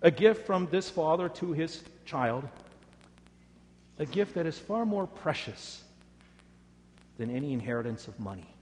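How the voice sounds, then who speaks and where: Man preaching, dramatic delivery, animated pitch, slightly high voice, long reverb. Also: unhurried, long pauses. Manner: dramatic, swings from loud emphasis to hushed. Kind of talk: sermon. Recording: echoey hall reverb.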